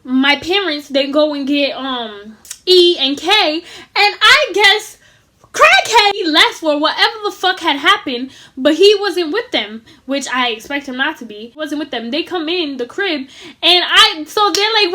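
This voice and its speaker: A woman vlogger tells a story straight to the camera in loose, slangy talk full of swearing. Her voice sits high and has a bright, sharp edge that carries her animated delivery. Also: normal speed. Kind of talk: casual storytime vlog.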